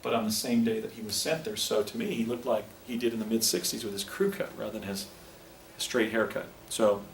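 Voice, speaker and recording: A man giving a public lecture in an earnest, halting way, often restarting his sentences. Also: lowish voice, little pitch movement, gravelly, a little hiss or hum. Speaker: presenter. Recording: roomy, distant lecture recording with faint ambience.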